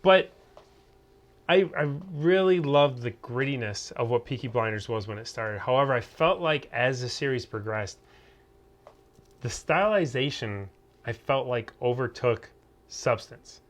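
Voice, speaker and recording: A man's voice: medium pitch, animated, a little slow. A man hosting a casual podcast, giving his opinionated take on a series, often hedging with "I felt like" and restarting his sentences. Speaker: podcast host. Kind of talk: casual podcast review chat.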